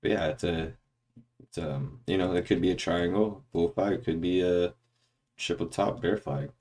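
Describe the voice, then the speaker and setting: A man's voice: low-pitched, steady tone, moderate pace, a little mellow. A man casually talking through a trading chart breakdown early in the morning, rambling and correcting himself, with occasional hiccups. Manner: rambling, self-correcting, goes off on tangents.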